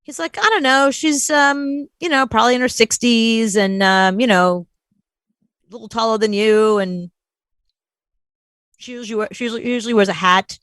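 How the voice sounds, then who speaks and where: A woman's voice: a little high, moderate pace, dry recording. A woman co-hosting a show, telling a story in casual chat and acting out the people she quotes. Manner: animated, acts out quoted voices. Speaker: co-host.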